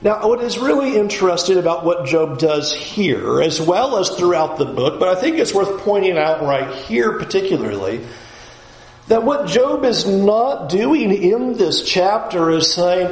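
A man teaching through a Bible passage in an earnest way, dropping low and soft when he quotes scripture. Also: expressive, a little slow, echoey room, low-quality recording. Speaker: preacher.

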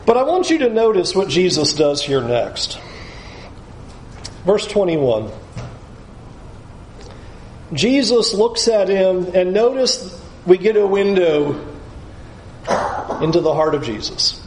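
A male pastor preaching a sermon in a lively, animated way, often slipping into acted quotes. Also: sits high, slow pace, long pauses, echoey room, a little hiss or hum.

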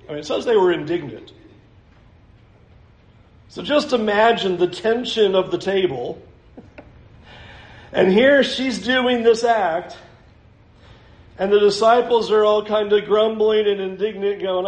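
A man's voice: high-pitched, unhurried, pauses often. A male pastor preaching a sermon in a conversational way, talking straight to the congregation with casual fillers. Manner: conversational, addresses the congregation directly; uses many fillers and hedging phrases. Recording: echoey room.

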